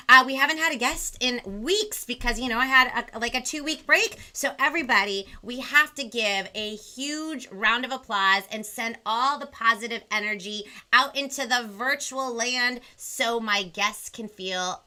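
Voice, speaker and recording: A woman's voice: a little high, moderate pace, few pauses, sharp tone. A woman hosting a live bilingual children's show, bubbly, counting along and mixing in Spanish words. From Southern California. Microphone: video call.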